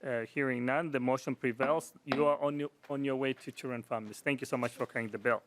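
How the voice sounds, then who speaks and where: A man's voice: medium pitch, fairly bright tone, a little hiss or hum. A man chairing a legislative committee hearing, running motions and votes in a formal, procedural way.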